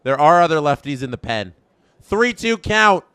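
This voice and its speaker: A man streaming a live fan reaction, calling the action in an announcer style and swinging between emotional shouts and stunned murmurs. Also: a little high, sing-song, normal speed, clear, resonant tone, no room sound. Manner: announcer-style play-by-play call.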